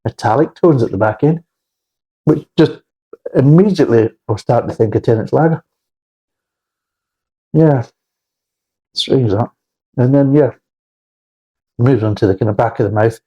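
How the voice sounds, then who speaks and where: A man's voice: medium pitch, moderate pace, pauses often, mellow, slightly rough, dull audio. A man giving a blunt, rambling, sweary beer review in a casual spoken style.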